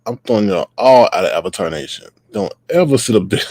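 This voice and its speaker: A man's voice: medium pitch, big pitch swings, brisk, few pauses, warm tone, no echo. A man hosting a casual livestream, greeting viewers by name in a loose, playful way. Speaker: livestream host.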